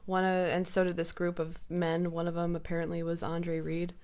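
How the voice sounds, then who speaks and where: A woman in casual podcast chat, telling a story in an animated, profane way and acting out what others said. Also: fairly low pitch, moderate pace. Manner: animated, profane storytelling with lively quoted voices.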